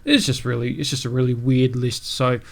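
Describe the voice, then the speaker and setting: A man's voice: medium pitch, steady tone, a little fast, gravelly. A man hosting a casual gaming podcast, chatty and rambling, restarting his sentences. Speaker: podcast host.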